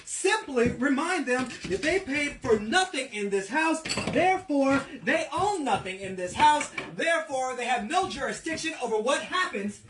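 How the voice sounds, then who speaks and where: A woman's voice: high-pitched, expressive, normal speed, hardly any pauses, reverberant, distant mic, background noise. A woman doing a comedic mock news report in an emphatic announcer manner.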